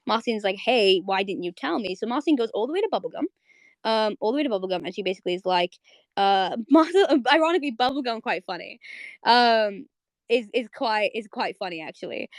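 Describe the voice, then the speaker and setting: A young woman hosts a casual live audio chat, talking excitably and circling back with many restarts. Her pitch sits in the middle, and the room sounds dry and close. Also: dry recording. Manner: rambling, fillers and restarts, excitable. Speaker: host. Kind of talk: casual chat recapping a cartoon episode. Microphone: streaming audio mic.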